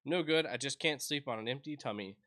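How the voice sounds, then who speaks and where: A sleepy, friendly male villager from a cozy life-sim game, read aloud by a man in a lightly put-on voice. His tone is bright and upbeat, even as he complains about not sleeping. The delivery sounds like game dialogue read aloud. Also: medium pitch, fairly quick, natural voice. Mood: drowsy.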